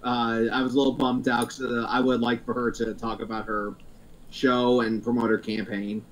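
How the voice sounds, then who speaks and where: A man's voice: mid-range voice, little pitch movement, moderate pace, poor audio. A man hosting a casual podcast chat, rambling through stories with lots of fillers and frequent laughs. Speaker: podcast host.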